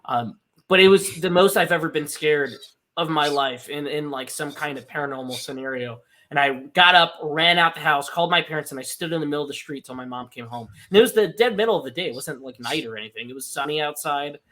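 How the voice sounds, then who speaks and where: A young man chatting on a podcast in a bright, ringing voice that sits a bit high. He talks in an animated way, swears freely and restarts his sentences as he tells a story. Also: fairly quick. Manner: animated, swears often, many fillers and restarts. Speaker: podcast co-host. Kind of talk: casual storytelling chat.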